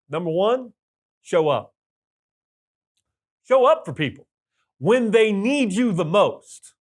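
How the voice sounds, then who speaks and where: Man, high voice, motivational business coach, energetic, loud bursts, emphatic repetition. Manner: emphatic repetition of key points. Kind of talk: motivational talk to camera.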